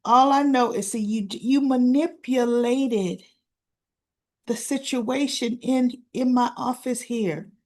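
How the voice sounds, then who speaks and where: A woman recaps soap opera episodes in an easygoing chat with an unhurried, drawn-out delivery. Her voice sits a little high, and she slips into the characters' lines as she retells each scene. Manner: animated retelling, acting out quoted lines.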